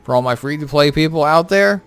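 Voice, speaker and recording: A man's voice: fairly high pitch, fairly quick, fairly bright tone, clear, resonant tone. A tired man who has been up all night, casually going over game patch notes with lots of fillers and offhand remarks. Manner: rambling, filler-heavy, offhand. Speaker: gaming content creator.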